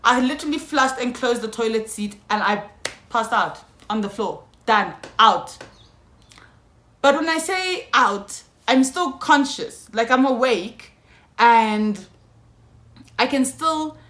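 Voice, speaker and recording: A young South African woman telling a storytime vlog, animated and slangy, often calling out to her viewers. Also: a little high, a little slow. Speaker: YouTuber. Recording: echoey room.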